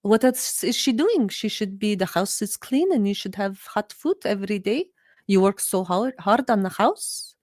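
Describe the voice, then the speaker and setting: A woman's voice: mid-range voice, animated, normal speed, darkish tone, no echo, clean studio sound, lightly acted. A woman voicing a nosy, meddling middle-aged auntie who asks sugary, prying questions. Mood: prying sweetly.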